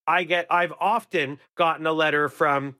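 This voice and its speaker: A man's voice: a little high, steady tone, moderate pace, bright, forceful tone, no room sound, studio quality. A man co-hosting a radio show, giving advice in an earnest, emphatic, opinionated way. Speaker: radio co-host.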